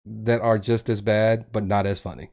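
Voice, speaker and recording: A man's voice: on the low side, level tone, moderate pace, gravelly, darkish tone. A man from the US South with a Southern accent, hosting a casual chat and rambling as he searches for words. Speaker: podcast host.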